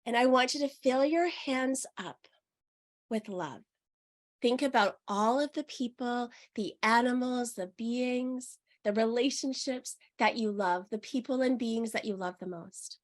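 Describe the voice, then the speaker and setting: Woman, young adult, meditation teacher; soothing, unhurried, a touch high. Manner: slow, soothing and soft-spoken. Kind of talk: guided meditation.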